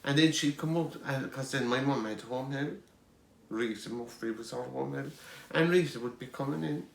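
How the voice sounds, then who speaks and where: A man's voice: medium pitch, normal speed, gravelly, roomy sound. A middle-aged Irish man telling rambling family anecdotes as an interviewee, chuckling as he goes. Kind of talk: storytelling.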